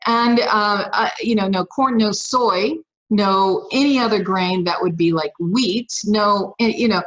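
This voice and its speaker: A woman guest on a podcast, telling her own story in an emphatic, animated way and acting out the dialogue. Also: medium pitch, unhurried, poor audio. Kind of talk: personal storytelling.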